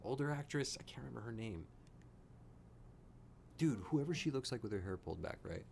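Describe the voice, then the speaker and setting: Man, reaction host, giddy, joking, animated pitch, mid voice. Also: brisk, creaky, a little hiss or hum. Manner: giddy, excitable, jokey. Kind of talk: casual reaction commentary.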